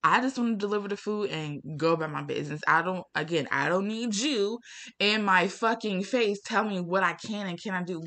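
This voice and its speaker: A woman's voice: fairly quick, a bit bright. A young woman venting in a casual, profane rant to camera, firing off exasperated rhetorical questions. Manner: rhetorical questions, pitch leaps up when worked up. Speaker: vlogger.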